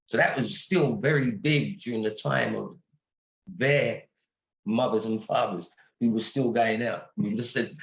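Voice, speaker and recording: An English man in his sixties tells stories as a guest, animated and quick to laugh. His voice sits in an echoey room. The sound is a little dull and muffled. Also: fairly low pitch, creaky. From England. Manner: animated storyteller, laughs often. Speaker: guest singer. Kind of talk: casual interview chat. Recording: roomy, dull-sounding audio.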